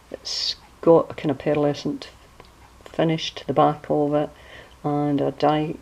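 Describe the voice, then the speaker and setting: A woman giving a casual craft walkthrough of her handmade journal, chatty and relaxed, often hunting for words and correcting herself. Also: low voice, gravelly, slight background noise, low-quality recording.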